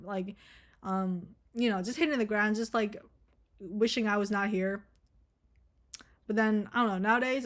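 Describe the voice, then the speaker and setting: Blunt, rambling young woman vlogger. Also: medium pitch. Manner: blunt, profane, rambling with many fillers. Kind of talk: casual rambling monologue.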